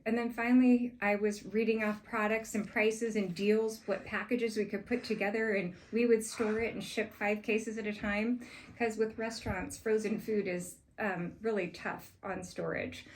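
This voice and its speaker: A woman, a sales manager, tells an earnest personal story as part of a proposal pitch and gets animated as she recounts it. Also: unhurried. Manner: earnest, grows animated while retelling events.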